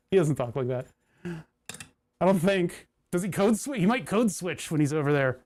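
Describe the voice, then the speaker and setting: A New Jersey man livestreams while working on electronics, chatting casually, rambling, and chuckling as he thinks out loud. His voice is fairly high and a little mellow, and he speaks in an animated, unhurried way.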